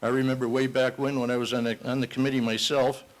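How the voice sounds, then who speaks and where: A man's voice: medium pitch, level tone, fast, rough recording. Folksy older man giving a speech. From Massachusetts. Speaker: parade marshal giving acceptance speech. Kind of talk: ceremonial speech with a told joke. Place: banquet hall at a ball.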